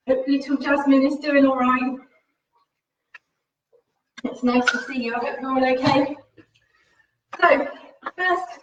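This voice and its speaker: A woman fitness instructor leading a live-streamed home workout, upbeat and encouraging, slightly out of breath as she exercises while talking. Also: sits high. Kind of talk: live-streamed workout class with faith reflection. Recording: roomy, distant, dull livestream audio.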